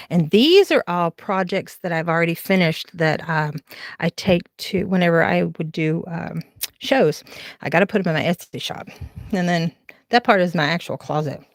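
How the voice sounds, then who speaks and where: A woman's voice: on the low side, vocal fry, no room sound. A woman in her forties with a Southern accent, hosting a casual late-night crafting livestream from her home. She chats and rambles as she walks through the house, laughing often and talking to her viewers. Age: 40s. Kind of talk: casual live-stream chat. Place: her home, moving from room to room.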